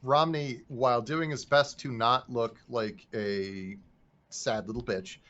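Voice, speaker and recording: A man's voice: mid-range voice, fairly even intonation, takes it slowly, a bit bright. A man playing a tabletop role-playing game who jokes wryly about his character. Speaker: player. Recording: dull lo-fi mic.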